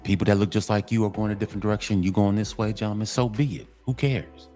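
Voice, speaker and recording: A man's voice: lowish voice, fairly even intonation, quick pace, few pauses, a little mellow, soft background music. A man delivering a casual monologue to other men, emphatic and repetitive, in a preachy tone. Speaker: commentary channel host.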